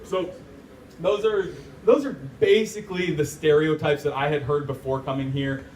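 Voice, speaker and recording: Brief: high-voiced American man, chatty and joking, heard from a distance in an echoey hall. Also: steady tone, normal speed, a little mellow. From United States. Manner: laughs often, chatty and joking. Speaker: guest speaker. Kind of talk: live talk to an audience. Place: event hall. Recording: echoey room, distant mic, faint noise.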